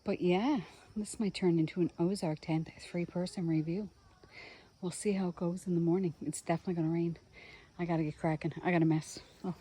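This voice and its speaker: Setting up a solo campsite, a woman rambles casually to the camera in a fairly low, mellow voice that's fairly quick with fairly even intonation. Campground noise fills the background, including trains and planes going by.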